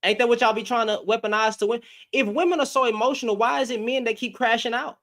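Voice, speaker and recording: A man ranting in a casual, slangy reaction commentary, heated with loud bursts. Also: extremely high pitch, fast talker.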